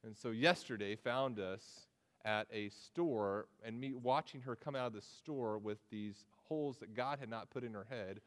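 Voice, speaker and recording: A man's voice: on the low side, normal speed, long reverb tail. A man in his thirties preaching a sermon as pastor, conversational and prone to repeating words as he starts a phrase.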